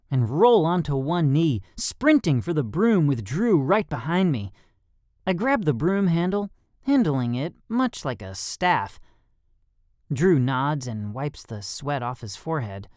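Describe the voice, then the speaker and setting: A man narrating a young adult thriller audiobook in first person, expressive and lively. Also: on the high side, no room sound, studio quality.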